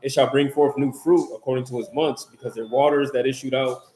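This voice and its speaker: A man reading scripture aloud at a Bible study, steady and measured through old-style verses. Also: medium pitch. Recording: echoey room with background noise.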